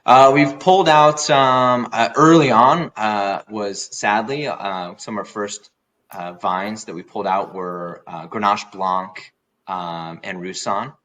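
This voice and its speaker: A man's voice: on the low side, steady tone, takes it slowly, fairly bright tone. A man, a winemaker guest in a podcast interview, talking casually with many fillers and restarts.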